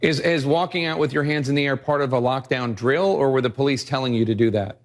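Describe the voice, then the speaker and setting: A man as news anchor, asking measured questions with a few hesitations. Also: medium pitch. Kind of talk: broadcast interview.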